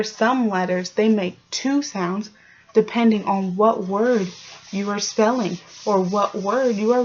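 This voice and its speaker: Slow, patient woman teacher sounding out letters. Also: medium pitch, darkish tone, muffled recording. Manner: sounds out letters, frequent encouraging questions. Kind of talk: slow, clear early-grade phonics lesson. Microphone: home recording for online class.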